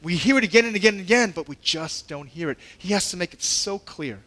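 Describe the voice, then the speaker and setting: A fast-talking pastor preaches from the pulpit with a fairly high, very lively voice that swoops up and down. Animated and chatty with his congregation, he laughs at his asides and puts on a raised, indignant voice to act out the disciples.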